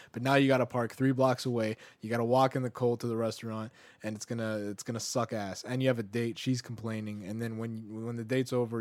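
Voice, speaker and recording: A man co-hosting a podcast in casual chat, rambling through his point, swearing freely, and trailing off into low mutters. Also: darkish tone, no room sound. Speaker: podcast co-host.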